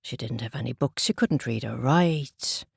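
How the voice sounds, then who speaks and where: Low, husky woman telling a story. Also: no echo, studio quality. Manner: slow, unhurried, gentle. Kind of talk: oral storytelling for children.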